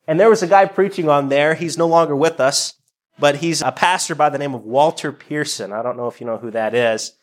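Soft-spoken man preaching a sermon. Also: fairly high pitch, fairly quick. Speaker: pastor.

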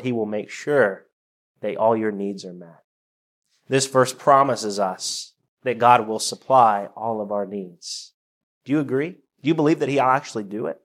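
Soft-spoken middle-aged pastor, gentle sermon delivery, mid-range voice. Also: male voice, medium pitch.

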